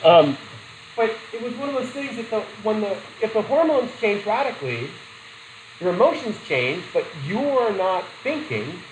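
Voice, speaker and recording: A man's voice: sits high, sing-song, normal speed, slight background noise, poor audio. A middle-aged man teaching a psychology class in a chatty way, asking the students questions and telling personal stories. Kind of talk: classroom lecture.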